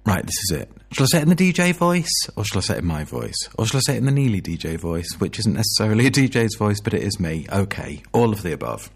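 A man's voice: lowish voice, expressive, quick pace, gravelly, few pauses, slightly rough. A man presenting a local radio show in a jokey, rambling, self-mocking way. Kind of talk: casual radio chat.

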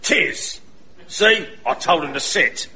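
A daft local dog walker. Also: male voice, a little high, expressive, takes it slowly. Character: eccentric local man walking his dog. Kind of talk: comic radio play acting. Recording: dull lo-fi recording, crowd and noise.

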